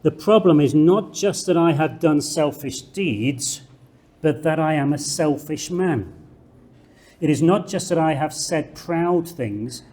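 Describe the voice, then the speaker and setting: A man giving a slow, deliberate theology lecture in a classroom, reading scripture aloud and stressing key words. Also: a little high, lively intonation, dark tone. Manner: slow, deliberate, emphatic delivery with measured pauses.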